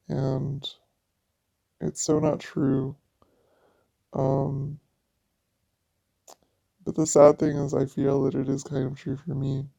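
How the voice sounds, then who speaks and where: A vlogger with an extremely low, warm voice full of gravelly vocal fry vents rawly and profanely in a personal monologue. The recording is dull lo-fi audio.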